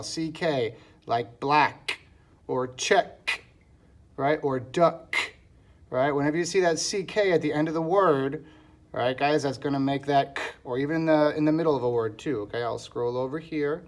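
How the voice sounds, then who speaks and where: A man teaching a phonics lesson online. He sounds out words syllable by syllable and keeps checking in with "okay, guys?". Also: a little high.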